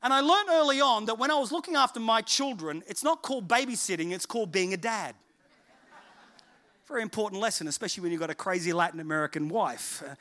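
A middle-aged man preaching a sermon and telling a family story, acting out the voices of people in it. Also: high voice. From England. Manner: animated, acts out voices of people in his stories. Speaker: pastor.

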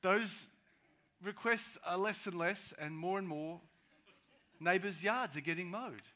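A man preaching a sermon as pastor, swinging between loud, urgent rises and quiet, slow drops. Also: sits high.

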